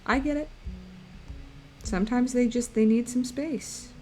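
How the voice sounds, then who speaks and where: A woman's voice: on the high side, a little slow, warm tone, faint music behind. A young woman streaming live, chatting playfully and rambling to her viewers while she draws. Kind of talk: casual live-stream chat while drawing.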